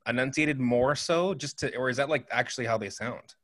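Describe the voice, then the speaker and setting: A man's voice: mid-range voice, fairly quick, fairly bright tone. A man from Western Canada co-hosting a podcast, asking questions in a hesitant, filler-filled way. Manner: hesitant, many restarts and "like". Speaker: podcast co-host. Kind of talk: casual podcast chat.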